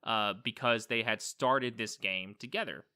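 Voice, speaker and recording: A man's voice: lowish voice, unhurried, sharp tone, smooth. A man co-hosting a podcast, chatting loosely about a movie, rambling and swearing casually. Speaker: podcast co-host. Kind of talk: casual movie review chat.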